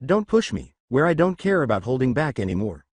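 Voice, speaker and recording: A man reading the part of a weary, coolly menacing teenage boy who keeps his tone level and impartial. The voice sits at a middle pitch and moves with lively swings, recorded dry and close. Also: brisk, no echo.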